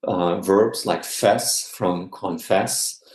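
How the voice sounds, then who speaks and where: A man giving an academic guest lecture, explaining step by step and often checking in with a quick "yeah?". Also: low-pitched, a little mellow, roomy sound.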